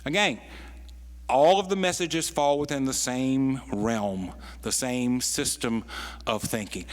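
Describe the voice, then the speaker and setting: A man's voice: mid-range voice, slow, big-room sound. A pastor preaching a sermon, repeating words as he builds a point and dropping in folksy asides. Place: church sanctuary.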